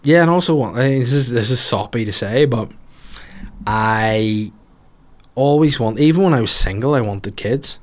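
A man's voice: mid-range voice, animated, moderate pace. Guy in his 30s, sweary rambling podcast chat, jokey. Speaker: comedian podcaster answering listener questions. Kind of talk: casual solo podcast chat.

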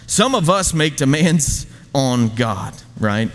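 A man's voice: on the high side, expressive, normal speed, few pauses, fairly bright tone, big-room sound. A man preaching a sermon as pastor, emphatic and conversational, full of rhetorical questions.

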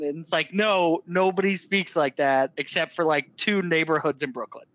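A man from Manhattan chatting casually in a quick, joking way. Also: fairly high pitch, fairly bright tone, no echo. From Manhattan, New York. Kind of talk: casual chat.

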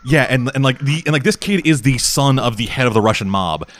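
Young man, rapid excitable delivery, swears freely, dry close sound. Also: medium pitch, no echo. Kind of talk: casual film chat.

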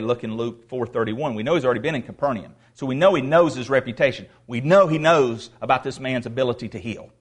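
A man's voice: mid-range voice, quick pace, few pauses, slightly rough. A male pastor preaching a sermon in an emphatic way, repeating words for stress.

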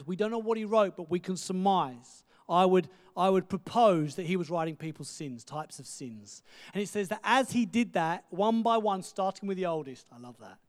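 A man preaching a sermon, telling stories with lively energy, dropping to a hush for quoted words and often asking "right?". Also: high voice. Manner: animated storytelling, asks the audience "right?".

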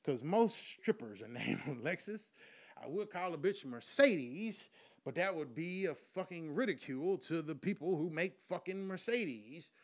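A young man performing a profane comic story monologue, animated, loud one moment and low the next, often laughing at his own jokes. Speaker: comedian telling a story.

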